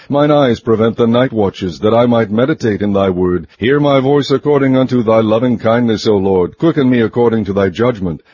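A man reading scripture aloud in a measured, even, solemn recitation. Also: on the low side, husky, dry recording. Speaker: scripture reader. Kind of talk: steady scripted Bible reading. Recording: muffled lo-fi recording.

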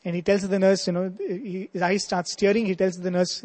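High-voiced storyteller in a hall. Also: male voice, fairly even intonation, brisk, a little mellow. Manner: earnest, emphatic storytelling. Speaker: spiritual speaker. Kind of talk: devotional storytelling talk.

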